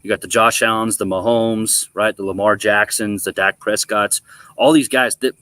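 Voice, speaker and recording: A man's voice: fairly low pitch, moderate pace, no room sound. A middle-aged man, a former college quarterback and now a guest on a sports talk show, telling stories casually and acting out the quotes. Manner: animated storyteller, acts out quotes.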